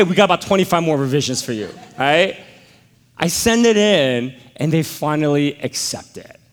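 Animated man preaching in a reverberant hall. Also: high voice. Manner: animated storytelling, exclamatory. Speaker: pastor. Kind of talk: sermon with personal story.

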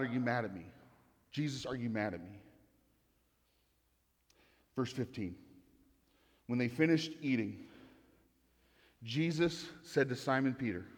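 A man's voice: medium pitch, long reverb tail. A man preaching a sermon, earnest and repeating phrases for emphasis. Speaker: pastor.

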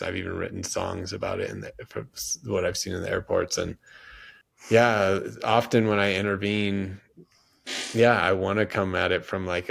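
A man's voice: deep voice, creaky, fairly bright tone. A man hosting a podcast who talks in a candid, blunt, heated way. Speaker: podcast host. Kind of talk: casual chat.

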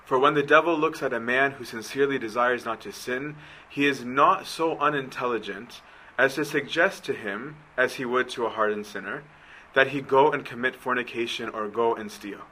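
A man's voice: medium pitch, normal speed, sharp tone, slight background noise, rough recording. A man giving a conversational church teaching. He reads a passage aloud, then explains it informally, checking in with "right?" and pressing his points earnestly. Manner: earnest and emphatic in exhortation.

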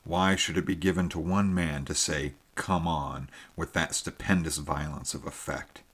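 A man puts on a small, weary rider in a storybook, muttering his uneasy thoughts in a hushed undertone. The voice sits very deep and low. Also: steady tone, moderate pace, breathy edge, full character voice. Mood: brooding.

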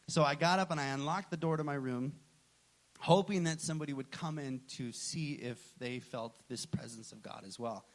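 Animated pastor preaching a sermon. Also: male voice, fairly high pitch, brisk. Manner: animated storytelling, acting out dialogue.

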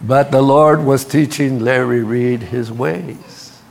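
A man preaching a sermon, telling stories with lively energy and speaking straight to his congregation. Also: mid-range voice, takes it slowly, vocal fry. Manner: animated storytelling, acts out quotes, laughs at his own stories; addresses the congregation directly. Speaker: pastor.

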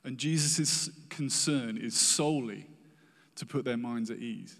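Male preacher, mid-pitched, earnest and emphatic, recorded in a reverberant hall. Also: measured pace, vocal fry, fairly bright tone. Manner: earnest, emphatic, acts out quoted prayers. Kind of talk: sermon.

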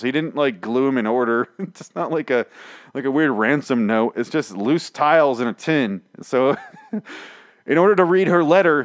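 Young male recapper, rambly and foul-mouthed, mid-pitch voice on a dry close mic. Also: no echo. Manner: rambling and profane, with frequent restarts. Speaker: TV show recapper. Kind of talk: casual spoken recap.

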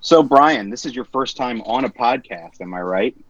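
A man with a New Jersey accent hosting a casual podcast, teasing his co-hosts with quick, joking banter. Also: mid-range voice, animated, fairly bright tone, no room sound. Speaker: podcast host. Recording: slightly dull lo-fi sound.

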